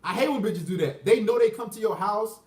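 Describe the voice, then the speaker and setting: A man's voice: high voice, expressive, fairly quick, darkish tone, reverberant, recorded from a distance. A man casually telling a personal story, profane and boastful, rambling with many restarts.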